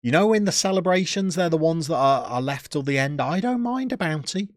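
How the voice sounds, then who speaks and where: A man's voice: fairly high pitch, animated, a little fast, no room sound, clean studio sound. Chatty man streamer. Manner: chatty, joking, opinionated banter. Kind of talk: casual chat answering live chat.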